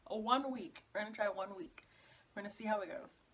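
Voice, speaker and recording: A woman's voice: mid-range voice, fairly quick, a bit bright. Groggy-voiced young woman vlogger. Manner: chatty, rambling, laughs often. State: groggy morning voice. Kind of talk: casual vlog chat.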